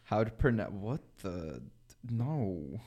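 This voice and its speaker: A man's voice: lowish voice, very animated, takes it slowly, warm tone, muffled recording. A young man hosting a podcast in casual chat, laughing often and stumbling over tricky names. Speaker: podcast host.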